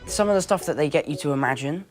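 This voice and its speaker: A man's voice: fairly high pitch, lively intonation, quick pace, soft background music. A young English man telling stories in a casual interview, playful, acting out quotes and laughing easily. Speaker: actor guest.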